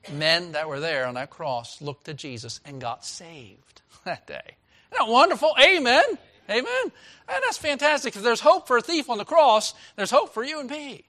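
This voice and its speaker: Animated bright-voiced male pastor preaching. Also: fairly high pitch. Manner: animated preaching, swings from loud to hushed. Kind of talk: sermon.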